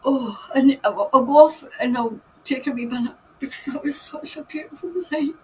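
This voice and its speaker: A woman's voice: high voice, normal speed, slight background noise. A Scottish woman hosting a tarot reading video, emotional and stopping often to compose herself. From Scotland. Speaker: tarot reader host.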